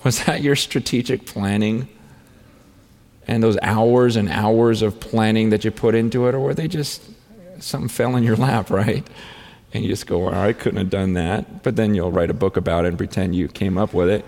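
Earnest male pastor preaching to an audience in a large hall, halting restarts, long reverb trailing each phrase. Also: fairly low pitch, a little mellow. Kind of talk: sermon.

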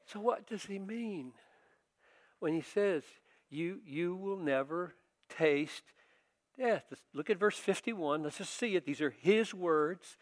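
An older man preaching a sermon, talking conversationally and rising to forceful emphasis. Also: high voice, expressive, takes it slowly. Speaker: pastor.

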